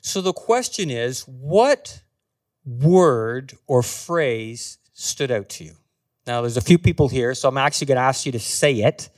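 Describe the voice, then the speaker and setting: A man giving a talk as a guest speaker, earnestly guiding a small group through a slow, meditative scripture reading. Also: mid-range voice, animated. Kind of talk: sermon with guided scripture reading. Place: meeting room with a small group.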